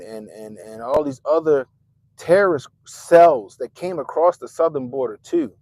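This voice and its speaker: A man hosting a profane political commentary rant, mocking and animated, with sudden loud jumps and muttered asides. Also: medium pitch, creaky, dry recording. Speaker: commentary channel host.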